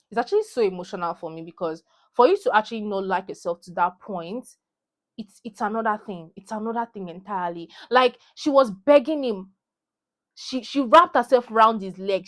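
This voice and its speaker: This young vlogger, who has a Nigerian accent, has a mid-range voice with a fairly bright tone. She rants heatedly about a movie to her phone camera, repeating lines for emphasis.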